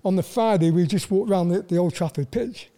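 An older Welsh man speaks in a high, mellow voice. He tells his stories in a halting way, restarting words and leaning on "you know" as he goes. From Wales. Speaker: guest, former footballer. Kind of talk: casual interview storytelling.

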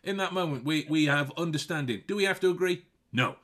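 A man's voice: on the high side, fairly quick, fairly bright tone. A man hosting a casual podcast chat, often restarting and repeating words and breaking into laughs. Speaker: podcast host.

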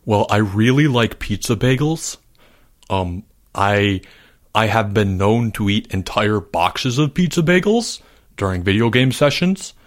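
A man's voice: on the low side, lively intonation, a little slow. A man voicing an earnest boy character who rambles a little, sounding somewhat distant from the mic.

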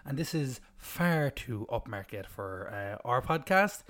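A man's voice: mid-range voice, expressive, measured pace, fairly bright tone. A young man co-hosting a podcast in casual chat, swearing freely and laughing often. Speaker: podcast co-host.

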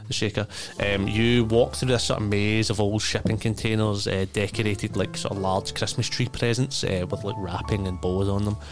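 Low-voiced man running a tabletop game. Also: normal speed, few pauses, music in the background. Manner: relaxed, hesitant with many fillers. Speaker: game master.

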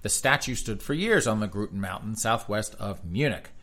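A man's voice: on the low side, expressive, normal speed, pushed and bright. A man hosting comedic news commentary with a sarcastic, mocking delivery and frequent laughter. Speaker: host.

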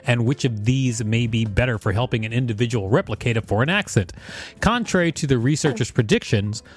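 A man co-hosting a podcast, reading facts aloud and joking around in casual chat. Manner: jokey, reads aloud with playful pitch swings. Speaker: podcast co-host.

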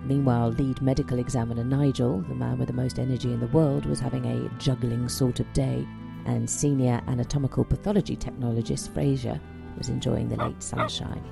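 Scripted documentary narration, doctor, quiet, measured, mid-pitched voice. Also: level tone, creaky, over music.

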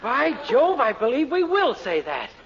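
Wisecracking young fella, real high bright voice, dull old radio sound. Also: male voice, huge pitch swings, a little slow, creaky, heavily acted. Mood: bossy. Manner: breezy, wisecracking, bossy. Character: young man posing as his boss, wisecracking. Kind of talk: 1940s radio comedy acting. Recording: dull 1940s radio broadcast, faint hiss.

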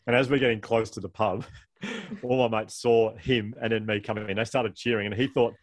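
Aussie bloke, lowish voice, rattling off funny stories quick, dry close sound. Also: male voice, dry recording. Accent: Australian. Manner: animated, laughing storyteller with fast rambling delivery. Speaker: author and guest. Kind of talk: casual storytelling interview.

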